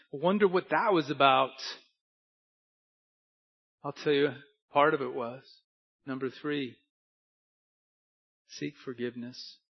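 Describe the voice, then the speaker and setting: A man's voice: a little high, dull audio. A man preaching a sermon as pastor, telling stories with folksy asides to the congregation.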